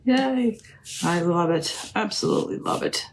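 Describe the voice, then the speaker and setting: Woman, middle-aged, low-pitched, chatty live craft demo, gushing over her work, faint hiss behind. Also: a little slow. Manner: chatty, gushing, keeps calling viewers "ladies". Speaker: crafting live-stream host. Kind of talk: live craft demonstration chat.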